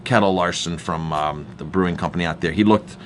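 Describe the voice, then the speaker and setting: Earnest middle-aged chef for a staff training talk, lowish voice, faint background noise. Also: male voice, fairly quick. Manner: earnest, emphatic, repeats words as he goes. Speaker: chef and restaurant owner.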